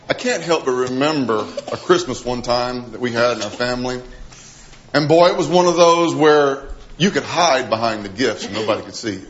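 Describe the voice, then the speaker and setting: A middle-aged male preacher delivers a sermon, animated and vivid, acting out little quoted voices, then sinking to a hushed tone to drive a point home. His voice sits on the higher side for a man. The recording is dull and lo-fi. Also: normal speed, slight background noise. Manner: animated, acts out quoted voices, drops to soft emphasis.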